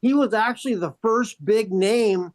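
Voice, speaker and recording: A man's voice: sits high, unhurried. A middle-aged man, a guest guitarist, talking loosely and swearing freely while chewing nicotine pouches. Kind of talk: casual interview chat.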